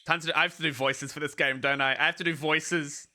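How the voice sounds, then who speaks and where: A man casually commenting on a game he plays for the first time, rambling excitedly and laughing often. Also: a little high, fast talker. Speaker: gameplay streamer. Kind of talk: casual let's-play commentary. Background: game music.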